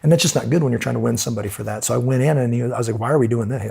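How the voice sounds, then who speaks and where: A middle-aged American man and podcast guest telling lively stories in conversation, acting out the voices of the people in them. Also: mid-range voice, very fast, gravelly, husky. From United States. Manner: animated storyteller who acts out quoted voices. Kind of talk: storytelling in conversation.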